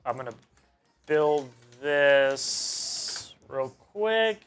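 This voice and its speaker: A young man co-hosting a sports live stream, joking and teasing the chat in a casual, excitable way. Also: medium pitch, very slow, clear, resonant tone.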